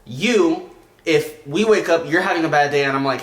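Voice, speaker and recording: A young man talking earnestly and haltingly about his relationship in a vlog, often restarting his sentences. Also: a little high, a bit bright. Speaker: vlogger, partner in a couple channel. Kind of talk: emotional relationship talk to camera. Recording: echoey room.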